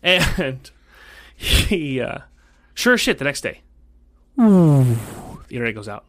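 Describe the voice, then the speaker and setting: A man hosting a casual podcast, telling a long story in an animated, rambling way with many self-corrections. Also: medium pitch, slow, a little hiss or hum. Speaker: podcast host.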